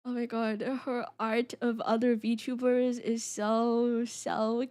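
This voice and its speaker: A young woman streaming as a VTuber, chatting casually with her viewers in a giggly, excitable way, often restarting and stammering. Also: on the high side, takes it slowly. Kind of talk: casual live-stream chat.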